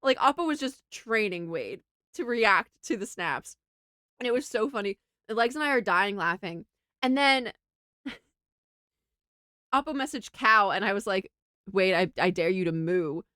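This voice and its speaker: A young woman streamer telling a funny travel story to her chat, animated and giggly, with lots of laughing and filler words. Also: on the high side, measured pace, pauses often, clean tone, dry recording, clean studio sound. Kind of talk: casual storytelling to a livestream chat.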